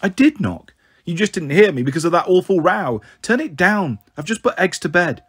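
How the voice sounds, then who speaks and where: A man's voice: high-pitched, animated, normal speed, a bit bright, slightly rough, full character voice. A man voicing a fussy middle-aged father in an audiobook reading, speaking in a reproachful, fatherly way. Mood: exasperated.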